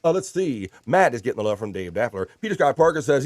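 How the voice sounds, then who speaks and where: A man's voice: mid-range voice, sing-song, fast talker, few pauses, no room sound, clean studio sound. A man hosting a casual livestream, chatting and reading viewer comments aloud in a jokey, playful way. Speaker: livestream host.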